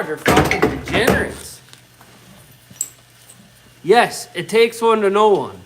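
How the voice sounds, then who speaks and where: A very high-pitched, slightly bright male voice comes through poor audio with a little hiss or hum. The speaker, a middle-aged man in his own workshop, delivers a casual, blunt rant full of swearing.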